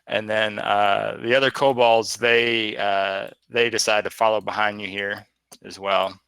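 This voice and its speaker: Bright-voiced man running a tabletop game. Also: on the low side, little pitch movement, a little slow, clean tone, dry recording. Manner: describes the scene while pointing around a map. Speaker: game master.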